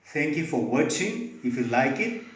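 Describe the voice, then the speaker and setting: A man teaching pronunciation, slowly and deliberately repeating example words one by one. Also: medium pitch, sing-song. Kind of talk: slow instructional explanation. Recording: very echoey room.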